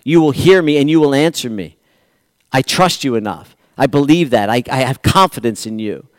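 A man preaching a sermon, swinging between loud pleading lines and quiet, hushed asides to the congregation. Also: mid-range voice, lively intonation, normal speed, no echo. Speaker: pastor.

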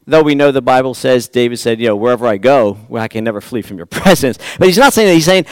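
A man preaching a sermon, swinging between loud pleading lines and quiet, hushed asides to the congregation. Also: medium pitch, expressive, racing, hardly any pauses, clear, resonant tone, dry recording. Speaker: pastor.

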